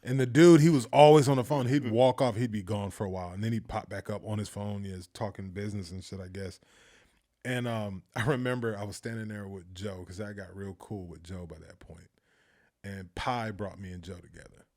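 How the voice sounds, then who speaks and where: A man talking casually in an interview, telling lively anecdotes, acting out the voices of the people in them and laughing often. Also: on the low side, a little fast. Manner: animated storyteller, acts out quoted voices, laughs often. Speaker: filmmaker guest.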